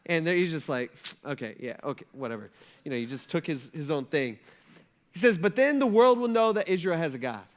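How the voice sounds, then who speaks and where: A man's voice: fairly high pitch, animated, brisk. A male pastor preaching a sermon, telling a story with energy and acting out the characters' lines in casual speech.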